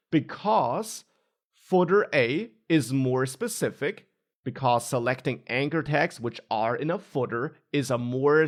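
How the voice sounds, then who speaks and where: A male coding instructor walks through a web tutorial at a mid pitch. His intonation swings widely as he stresses key words. He explains patiently, step by step. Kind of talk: screen-recorded coding tutorial.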